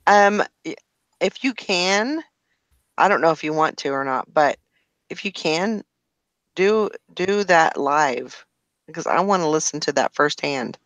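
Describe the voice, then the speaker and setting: A woman's voice: deep voice, expressive, measured pace, dry recording. A woman hosting a live reseller chat show, upbeat and encouraging toward her guests. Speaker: host.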